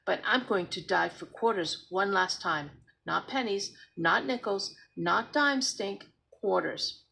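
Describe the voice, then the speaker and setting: A woman's voice: mid-range voice, takes it slowly, creaky, sharp tone, full character voice, rough recording. A woman voicing a confident, teasing older sister, a young girl with a know-it-all manner.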